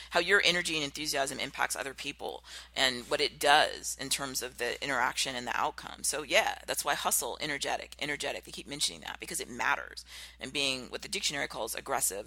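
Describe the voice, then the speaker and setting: A podcast host giving an animated motivational talk, acting out contrasting example voices. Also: mid-range voice, gravelly, no echo.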